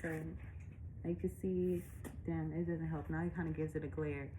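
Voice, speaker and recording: A woman's voice: deep voice, flat delivery, moderate pace, background noise. Chatty breathless woman showing her artwork. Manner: chatty, laughs often, casual slang and cursing. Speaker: illustrator showing her picture book. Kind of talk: casual talk-through of her artwork.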